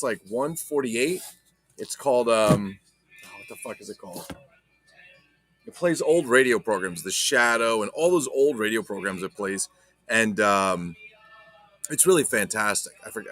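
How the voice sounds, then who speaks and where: A man's voice: lowish voice, fairly bright tone. A man hosting a casual collector vlog, chatting about his finds in a profane, enthusiastic, rambling way. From not Ireland. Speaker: collector vlogger. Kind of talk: casual unboxing chat.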